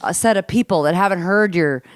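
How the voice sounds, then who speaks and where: Animated woman in her fifties, low voice. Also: a little fast, no room sound, clean studio sound. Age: 50s. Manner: animated, swings between hushed and loud, swears freely. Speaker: comedian guest. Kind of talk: casual podcast storytelling. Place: host's home.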